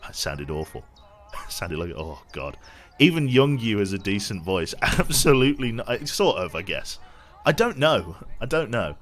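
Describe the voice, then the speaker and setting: A man's voice: lowish voice, sing-song, a little slow, a bit bright. A young man from England with a posh English accent, chatting casually with his viewers while streaming a game, self-deprecating and reading chat aloud.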